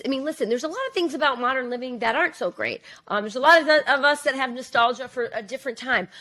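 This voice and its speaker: Co-hosting a casual political podcast, a middle-aged woman talks in a slightly high, fairly bright voice. She strings together long run-on sentences full of fillers.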